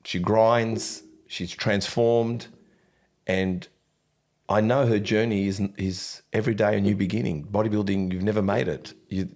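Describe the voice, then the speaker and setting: A man hosting a podcast, telling stories in a lively casual way and swearing freely. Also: on the low side, measured pace. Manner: animated storyteller, swears casually, laughs often. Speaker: podcast host.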